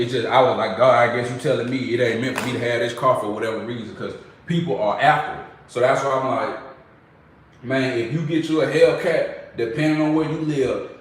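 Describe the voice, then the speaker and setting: A young man, talking casually to his viewers in an animated, slangy storytelling manner. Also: medium pitch, fairly quick, recorded from a distance. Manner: animated, loose slangy storytelling with sound effects. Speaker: vlogger. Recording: very echoey room, from off-mic.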